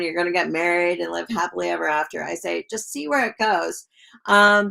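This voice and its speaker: Gravelly-voiced woman reading tarot live. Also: on the low side. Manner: chatty, warm to viewers, laughs often; lots of likes and ums. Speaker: tarot reader.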